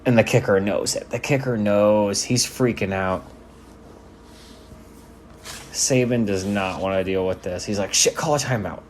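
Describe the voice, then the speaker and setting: A man's voice: lowish voice, steady tone, unhurried, long pauses, slight background noise. A man giving casual, joking commentary over game footage, laid-back and swearing freely. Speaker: sports video commentator.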